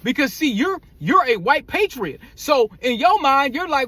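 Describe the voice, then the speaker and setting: Brief: very high-pitched man, dry close sound, blunt profane storyteller. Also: unhurried, few pauses, breathy edge, no echo. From United States. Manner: blunt, profane, animated retelling with acted quotes. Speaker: vlogger. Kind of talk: casual storytelling rant.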